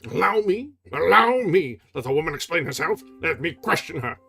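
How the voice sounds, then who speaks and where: A man doing a stern, measured manager. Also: a little high, big pitch swings, vocal fry, bright, forceful tone, slightly rough, soft background music, full character voice. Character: calm authoritative male theatre manager.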